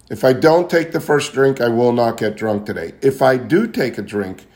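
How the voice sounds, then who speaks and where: A creaky, darkish, lowish voice carries this man's personal recovery testimony. Confessional and earnest, he tends to repeat phrases while feeling for the right words.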